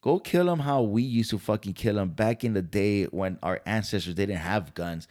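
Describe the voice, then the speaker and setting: A man's voice: fairly low pitch, moderate pace, a little mellow. A man hosting a podcast, ranting in a casual, heated and profane way. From California. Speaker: podcast host. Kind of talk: casual commentary.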